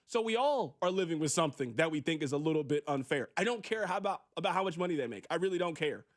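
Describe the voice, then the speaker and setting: A man hosting sports radio, delivering an emphatic, preachy opinion monologue and briefly acting out quick voices, on a studio microphone. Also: high voice.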